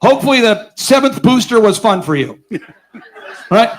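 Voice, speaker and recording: Energetic sarcastic man telling stories on stage. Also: very high-pitched, measured pace. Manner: energetic, sarcastic, acts out voices in his stories; keeps quizzing the audience. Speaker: business conference host. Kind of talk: live seminar storytelling to an audience.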